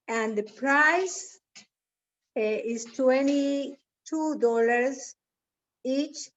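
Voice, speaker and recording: A woman with a non-native English accent presents her jewelry, speaking very slowly and hesitantly. Her voice sits a bit high. The sound is dull and lo-fi, like a video call. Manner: careful and hesitant, halting phrasing. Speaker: guest jewelry artist. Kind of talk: product presentation.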